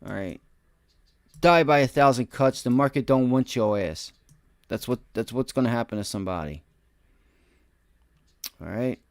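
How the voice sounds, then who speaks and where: A man hosting a day-trading livestream, giving slangy, boastful live market commentary straight to his viewers. He swings between loud excited bursts and low mutters to himself. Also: normal speed, pauses often, dry recording, clean studio sound.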